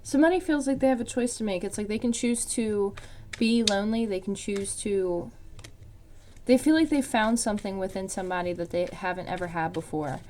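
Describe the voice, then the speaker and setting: A woman's voice: medium pitch, fairly quick, a little mellow, a little hiss or hum. A woman giving a casual tarot reading, rambling with lots of "um" and "like". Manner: rambling, many fillers like "um" and "like". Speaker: tarot reader.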